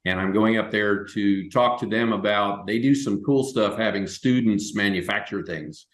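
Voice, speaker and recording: A man hosting a web show, rambling and relaxed with many fillers. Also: fairly low pitch, moderate pace. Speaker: host. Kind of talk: casual chat. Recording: echoey room.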